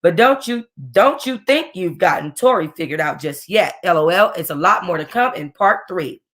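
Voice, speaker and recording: Expressive woman reading a novel aloud. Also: lowish voice, moderate pace. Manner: expressive, chatty asides to listeners. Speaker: audiobook reader.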